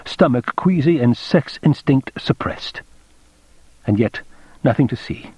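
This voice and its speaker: A man narrating an audiobook in a measured, clipped reading. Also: medium pitch, lively intonation, darkish tone, breathy edge, dry recording. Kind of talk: scripted narration. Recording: dull dry lo-fi recording.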